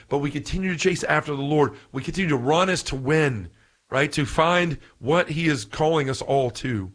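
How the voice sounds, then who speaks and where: A man giving an earnest, impassioned scripture talk who gets so excited that he stumbles over his words. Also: fairly high pitch. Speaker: Catholic podcast speaker.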